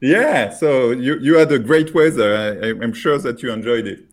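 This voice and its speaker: A man from France with a French accent pitching his software product, speaking haltingly with many filler sounds. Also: expressive.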